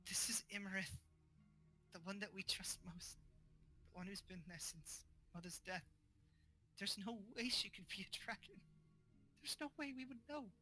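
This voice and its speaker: A man's voice: sits high, normal speed, pauses often, bright, forceful tone, faint music behind, poor audio. A man voicing two grieving young sisters who plead tearfully.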